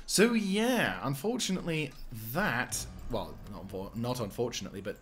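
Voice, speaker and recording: Animated and fairly bright in tone, a mid-range male voice at normal speed delivers casual let's-play commentary on a strategy game. He rambles, swears, and dissolves into fits of giggles while playing, over a slight hiss or hum.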